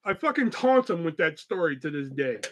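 Young guy with a kinda high voice rambling thru a story on his podcast, swears a ton. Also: big pitch swings, a little fast, highs cut off, a little hiss or hum. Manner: loose, profane, rambling with fillers and laughs. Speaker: podcast host. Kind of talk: casual storytelling.

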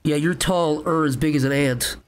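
Man in casual gaming banter, high, lively, animated, loud noise behind. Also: moderate pace. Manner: animated, joking, laughs a lot. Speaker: gaming podcast co-host.

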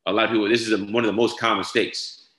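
A man giving a step-by-step software tutorial, repeating each instruction and checking in with "all right?". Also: on the low side, little pitch movement, very fast. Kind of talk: screen-share tutorial walkthrough. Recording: echoey room.

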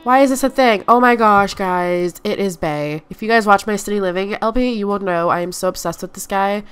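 A woman's voice: mid-range voice, brisk, clear, resonant tone, faint music behind. A young woman giving chatty Let's Play commentary, talking to her game characters, her nose stuffy from allergies. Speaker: gaming YouTuber.

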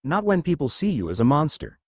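A man's voice: a little high, sing-song, fairly quick, a little mellow, no echo, studio quality. A man voicing a brash, bitter young male ninja in a fan story reading, in his own voice.

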